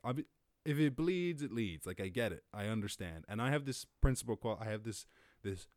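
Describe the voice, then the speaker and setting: A man hosting a casual solo podcast, rambling and swearing, laughing often and jumping to loud high exclamations. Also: dry recording, clean studio sound. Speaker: podcast host.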